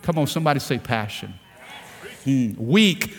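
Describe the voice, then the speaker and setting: High-voiced fervent male preacher in a hall. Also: animated, a little slow. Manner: fervent, repeats words, rhetorical questions to the congregation. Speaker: pastor. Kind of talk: sermon. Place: large church hall.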